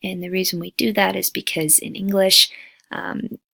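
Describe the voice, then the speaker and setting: A woman, an English as a second language teacher, giving a recorded lecture and slowly modeling vowel sounds. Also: medium pitch, flat delivery, vocal fry, sharp tone, no echo.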